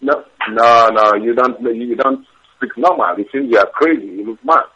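A man in a heated phone argument, shouting repetitive insults in broken English, heard over a telephone line. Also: mid-range voice, moderate pace, slight background noise. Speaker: phone call recipient.

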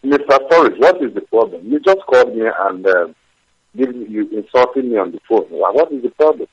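A man in a heated phone argument, shouting repetitive insults in broken English, heard over a telephone line. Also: medium pitch, expressive, fairly quick, breathy edge. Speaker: phone call recipient.

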